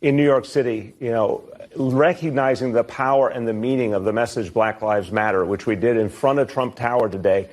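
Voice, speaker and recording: A man, a politician, answering questions in a televised interview in a measured, earnest way. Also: mid-range voice, darkish tone.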